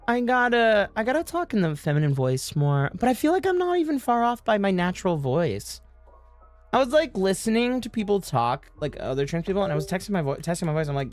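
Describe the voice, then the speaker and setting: A woman's voice: medium pitch, big pitch swings, fairly quick, darkish tone. A woman hosting a casual game livestream, joking and swearing freely as she runs community games. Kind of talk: casual game-stream chat. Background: faint music.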